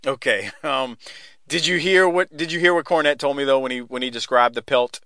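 A man's voice: mid-range voice, pushed and bright, dry recording, clean studio sound. Laughing, swearing man hosting a podcast. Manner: laughs often, swears freely, talks in quick rambling restarts. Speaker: podcast host. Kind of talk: casual podcast chat recapping a wrestling show.

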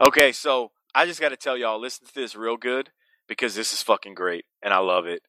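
A man hosting a casual podcast, talking excitably, swearing and laughing often. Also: medium pitch, a little fast, no room sound. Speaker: podcast host.

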